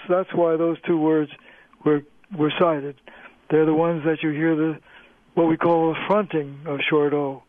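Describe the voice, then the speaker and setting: A man's voice: fairly high pitch, dry recording. Man professor on a tinny phone line. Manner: patient, lecturing explanations. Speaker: linguistics professor guest. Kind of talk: explaining on a radio interview.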